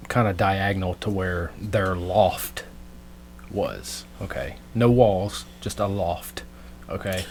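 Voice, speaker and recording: A man's voice: on the low side, a little hiss or hum. A young man co-hosting a podcast, telling crude stories with his friends and laughing often as he goes. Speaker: podcast co-host. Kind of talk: casual chat.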